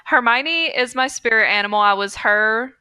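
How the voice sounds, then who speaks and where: A woman's voice: a little high, moderate pace, bright, forceful tone, smooth, no room sound. A young woman co-hosting a casual podcast chat, chatty and fannish, laughing often. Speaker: podcast co-host.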